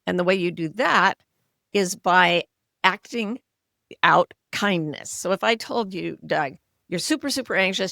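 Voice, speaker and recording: Woman, 60s, podcast guest; gravelly low voice, earnest explainer, dry close sound. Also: animated, measured pace, no room sound. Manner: earnest, explanatory, softens voice when modeling kindness. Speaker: author and coach, podcast guest. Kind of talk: conversational interview.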